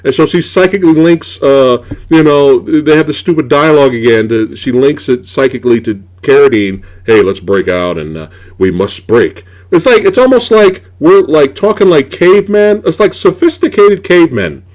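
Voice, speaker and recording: Animated man ranting about a cheap movie. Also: on the high side, moderate pace, few pauses. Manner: ranting, profane, exasperated. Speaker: podcast host. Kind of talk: casual movie review chat.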